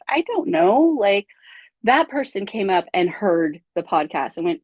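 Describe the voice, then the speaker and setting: A woman's voice: mid-range voice, big pitch swings, moderate pace, a little mellow, no room sound, highs cut off. A woman guest on a podcast, chatting casually and telling an emotional story with animation. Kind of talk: casual chat.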